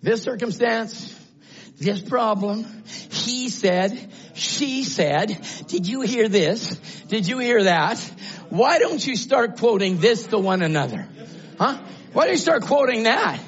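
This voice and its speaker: An older man preaching a fiery sermon, shouting at times and then dropping to low murmurs. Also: lively intonation, slow pace. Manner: shouting, swinging from low murmurs to high cries. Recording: dull lo-fi sound.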